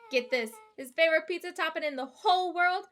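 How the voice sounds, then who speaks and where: A woman voicing a pushy, scheming twelve-year-old girl in a video game, with a brisk, bossy, conspiratorial delivery. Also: very high voice, a bit bright, pitched above the performer's own voice.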